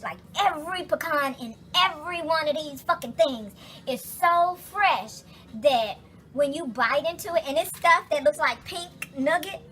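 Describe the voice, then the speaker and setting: A woman vlogging casually from her kitchen, telling stories in a profane, animated way full of asides. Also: high-pitched. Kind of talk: casual kitchen vlog chat. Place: home kitchen.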